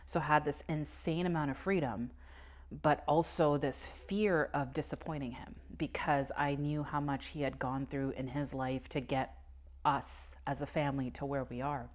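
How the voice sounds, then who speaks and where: A young woman with a low, grounded voice talks on a casual podcast. She tells a personal story candidly, swears freely and laughs nervously now and then. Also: steady tone, moderate pace. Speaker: podcast co-host. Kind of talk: casual conversation.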